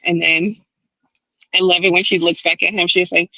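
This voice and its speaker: A woman hosting a book club discussion on a stream, retelling scenes with animated acted-out lines and casual swearing. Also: on the low side, moderate pace, dry recording, dull audio. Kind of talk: casual chat. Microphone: online stream setup.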